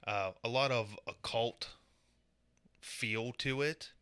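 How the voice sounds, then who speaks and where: A young man co-hosting a podcast, explaining a topic in relaxed, offhand casual chat. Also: medium pitch, slow pace, smooth. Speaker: podcast co-host presenting a segment.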